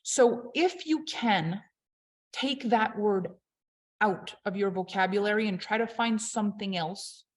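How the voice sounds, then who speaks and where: A woman coaching on leadership in an emphatic, conversational motivational talk, swinging between loud and quiet. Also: medium pitch, measured pace.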